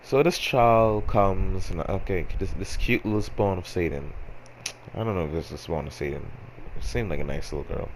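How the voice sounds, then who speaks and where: Man, very low voice, casual storytime, rambling, self-correcting, wry humor, faint background hiss. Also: moderate pace, poor audio. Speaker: storyteller vlogger.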